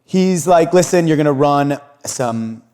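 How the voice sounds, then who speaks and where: Man, young adult, fairly high pitch, lively, profane, laughs a lot, casual storytelling. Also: a little slow. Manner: animated, profane, laughs often, acts out quotes. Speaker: podcast guest, entrepreneur.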